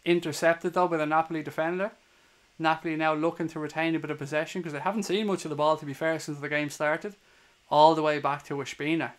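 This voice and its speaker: A young man with an Irish accent calls a football match pass by pass for a fan stream. His voice sits a little high for a man, and his talk is quick, partisan and full of swearing when the other side annoys him. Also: little pitch movement. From Ireland. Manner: swears hotly at opposing players. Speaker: fan watchalong streamer doing live commentary. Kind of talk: live play-by-play commentary to a stream chat.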